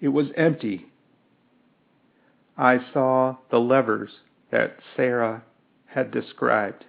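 Unhurried male audiobook narrator, mid-pitched; narrow telephone-like audio. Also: steady tone, gravelly. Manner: slow, measured storytelling. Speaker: storyteller. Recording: tinny phone-like audio.

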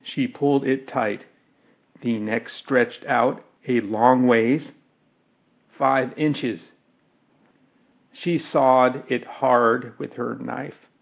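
Slow, measured male storyteller. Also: mid-range voice, steady tone, gravelly. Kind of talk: audiobook narration. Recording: tinny phone-like audio.

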